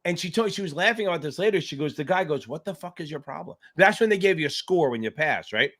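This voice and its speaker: Male tutor, live stream Q&A, casual and profane, rambling jokes, slightly high voice. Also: expressive, fast talker, a bit bright. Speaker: exam tutor hosting a live Q&A.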